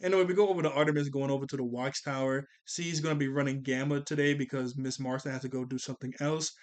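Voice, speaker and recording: A man's voice: medium pitch, fairly even intonation, quick pace. A man recapping a cartoon episode in casual, rambling talk, correcting himself and tired from a long day of recording. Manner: rambling, self-correcting, acts out character lines in a raised voice. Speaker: show reviewer.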